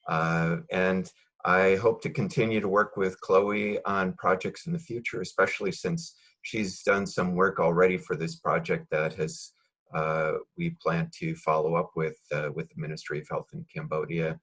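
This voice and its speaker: A man's voice: sits low, level tone, moderate pace, a bit bright, breathy edge. A man on a video call, speaking about his student in a rambling way full of fillers. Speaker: research mentor. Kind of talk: casual spoken tribute on a video call.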